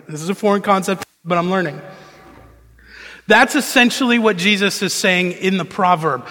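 A male pastor preaching a sermon in a conversational, animated storytelling manner, in a church hall. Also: high voice, normal speed. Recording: long reverb of a large hall.

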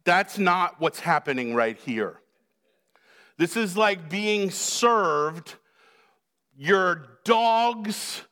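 Pastor guy giving a sermon, kinda high bright voice, chatty and jokey, acts out the lines.

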